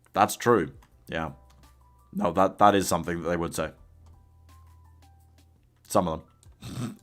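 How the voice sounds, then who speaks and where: Deep-voiced man streaming, coughing. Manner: chatty, laughs often, reads out viewer messages. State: coughing, ill. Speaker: live streamer. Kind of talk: casual live gaming stream chat.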